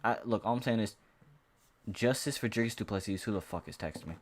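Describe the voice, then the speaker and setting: A man with a lowish voice rants to camera about fighters, loose and profane. He rambles, restarts his sentences and keeps the heat up in a casual sports-vlog monologue. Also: quick pace, slight background noise. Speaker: MMA commentary vlogger.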